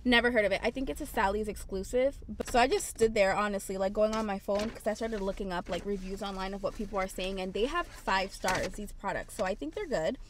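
A young woman chatting casually in a haul vlog, telling stories in an animated way. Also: medium pitch, a little fast, few pauses, a little hiss or hum. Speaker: lifestyle vlogger.

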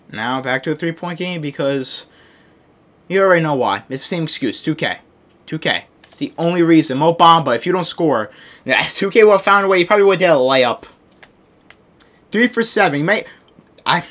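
A young man talks over his own gameplay in a hot room at home, sweaty and overheated. His voice is bright and swings widely in pitch as he rants, groans and yells at the screen. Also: lively intonation, moderate pace. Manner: frustrated ranting, yelling at the game. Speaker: gaming video creator. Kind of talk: live gameplay commentary.

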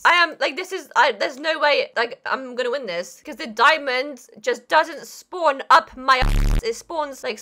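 Young woman, game commentary, bright high voice, very animated, faint music under it. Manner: excitable, dramatic, shrieks and laughs while playing. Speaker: gaming YouTuber. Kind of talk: Roblox gameplay commentary.

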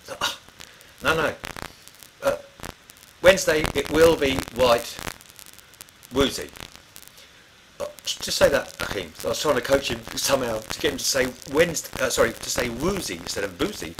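With a mid-range, sing-song voice and a slightly quick pace, a middle-aged man shares casual studio anecdotes that ramble, restart, and fill gaps with filler words. Background noise is present.

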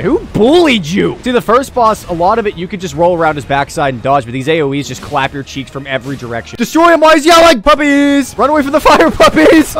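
A young man commentating his own boss fight in a video game, excitable and quick to yell and laugh. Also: mid-range voice, a little hiss or hum. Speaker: gaming YouTuber. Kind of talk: let's play commentary.

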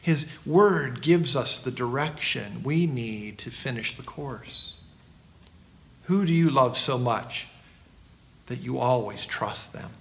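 A middle-aged man, a pastor, preaching a sermon and telling stories with a lively delivery. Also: medium pitch.

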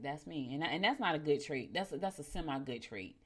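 A middle-aged woman with a somewhat low voice who hosts a morning show in a chatty, familiar way. She keeps talking to her listeners as "y'all," and her pitch and loudness swing sharply as she gets into a story. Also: a little fast, slightly rough. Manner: animated, with sudden jumps in pitch and loudness. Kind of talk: casual storytelling and horoscope reading.

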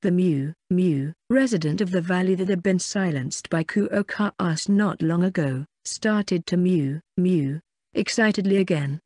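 A synthetic voice reading a light novel aloud in an even, scripted narration, reading punctuation and web links out word for word. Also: mid-range voice, measured pace, no room sound, studio quality. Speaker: audiobook narrator.

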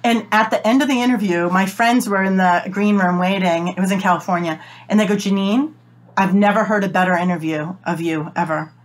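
Fast-talking woman expert. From Boston, USA. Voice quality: self-described whiny, squeaky voice. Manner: fast-talking, emphatic, demonstrates with high-pitched voices. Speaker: guest, body language expert. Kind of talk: animated advice in conversation. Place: home office on a video call. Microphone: video call setup.

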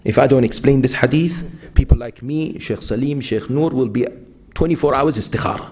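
A man's voice: mid-range voice, brisk, darkish tone, slightly rough. A man giving a sermon as a sheikh, telling stories with voiced quotes and asking the audience rhetorical questions. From Iran. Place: mosque hall.

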